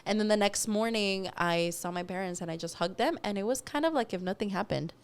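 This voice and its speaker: A woman's voice: mid-range voice, fairly quick, clean tone. A young woman co-hosting a podcast, telling a personal story candidly, swearing casually and slipping in Spanish words. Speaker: podcast co-host. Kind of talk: casual chat.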